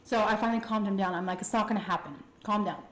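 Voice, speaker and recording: A woman with a Texan accent telling a candid, chatty personal story to her viewers, full of fillers and animated retellings. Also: medium pitch, fast talker, reverberant. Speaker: food vlogger telling a story. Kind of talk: casual storytime chat.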